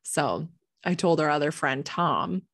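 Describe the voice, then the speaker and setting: Low-voiced young woman telling a story. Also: a little slow, no echo, clean studio sound. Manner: animated, swears freely, lots of "like". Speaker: podcast co-host. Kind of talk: casual storytelling chat.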